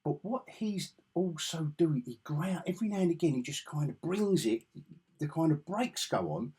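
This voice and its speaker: A man's voice: a little high, lively intonation, moderate pace, mellow, breathy edge. An English man with an enthusiastic, rambling way of talking, reviewing comic books in a casual vlog. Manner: rambling, enthusiastic, self-correcting.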